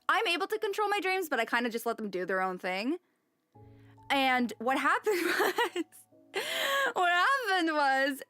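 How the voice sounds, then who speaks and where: A young woman with a bright, high voice chats on a stream, her pitch leaping up and down as she giggles. She reads chat aloud into a desk mic while soft game music plays faintly behind her.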